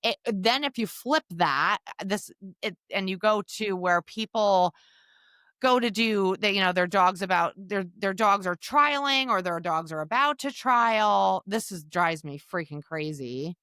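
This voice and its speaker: Female co-host, emphatic casual talker, mid pitch that moves a lot. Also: measured pace, smooth, no echo, studio quality. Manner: lively, many restarts, emphatic. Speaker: podcast co-host, dog trainer and match judge. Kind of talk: casual chat.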